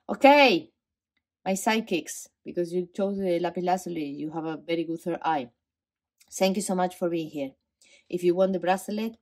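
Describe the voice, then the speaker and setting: A woman's voice: lowish voice, a little mellow. A young adult woman doing a pick-a-card tarot reading, effusive and emotional, with slightly non-native phrasing.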